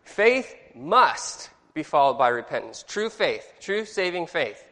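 A man's voice: fairly high pitch, sing-song, slow pace, sharp tone. A man teaching a Sunday school class, chatty and joking, asking the group questions. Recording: long reverb in a hall.

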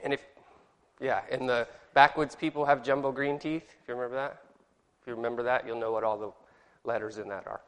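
A man's voice: medium pitch, steady tone, fairly quick, fairly bright tone. A man leading an informal Bible study lesson, chatty and rambling, quizzing his class and correcting himself as he goes. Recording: reverberant hall with long echo.

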